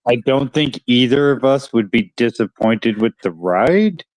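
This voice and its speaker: A man's voice: mid-range voice, animated, measured pace, darkish tone, rough recording. A man joking wryly, with some hesitant restarts, in casual stream banter.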